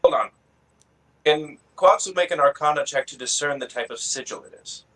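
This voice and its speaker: A man's voice: on the high side, brisk, pushed and bright, rough recording. A man playing a tabletop game, narrating his character's actions in third person and speaking its lines. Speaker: player. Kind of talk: tabletop role-play.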